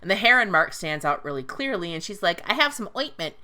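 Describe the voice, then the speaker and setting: On a podcast, a woman recaps a fantasy novel casually, swearing freely and paraphrasing the characters in a playful, irreverent way. Her pitch is fairly low but swings widely, and she talks fast with a sharp tone.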